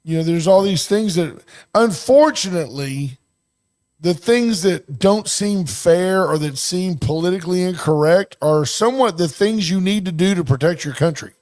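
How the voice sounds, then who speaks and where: A man's voice: high-pitched, moderate pace, a little mellow. A man co-hosting a talk radio show, trading blunt, opinionated remarks in casual banter.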